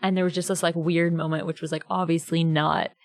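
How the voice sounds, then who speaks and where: Podcast guest, woman in her twenties, a chatty singer with a lowish voice who acts out the people in her stories. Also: little pitch movement, a little fast, no echo. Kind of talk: casual interview storytelling.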